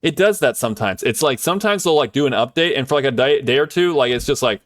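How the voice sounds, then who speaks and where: A man chats with his live-stream viewers in a loose, upbeat way, drifting between thanks, jokes and small asides. His voice sits at an ordinary middle pitch. The sound is close and dry, with no room echo. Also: expressive, quick pace, hardly any pauses, fairly bright tone. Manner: chatty, upbeat, lots of fillers and asides.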